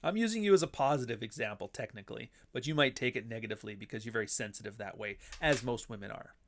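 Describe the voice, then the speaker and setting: A man's voice: mid-range voice, fast talker, vocal fry, slight background noise. A man hosting a casual livestream, rambling between topics and reading the chat aloud. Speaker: livestream host.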